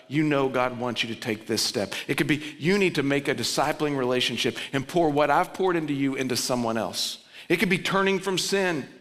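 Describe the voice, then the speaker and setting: A man preaching a sermon as pastor, swinging between loud urgent pleading and low, quiet emphasis. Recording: long reverb of a large hall.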